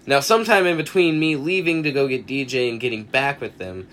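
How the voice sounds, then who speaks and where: A young man co-hosts a podcast, his mid-range voice moving a little fast as he tells a long story in casual chat. He acts out the quoted lines and swears freely, an animated anecdote teller.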